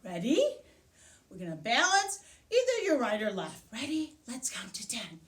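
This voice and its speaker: A woman's voice: fairly high pitch, sing-song, normal speed. A woman teaching a preschool class by video, cheerfully leading exercises and counting aloud with the children. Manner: cheerful sing-song, counting aloud with kids. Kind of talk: animated online lesson for small children.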